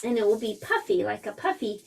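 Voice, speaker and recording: A woman teaching a preschool class, speaking gently and expressively to young children and reading a picture book aloud. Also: medium pitch, animated, a little fast, creaky, husky, soft background music.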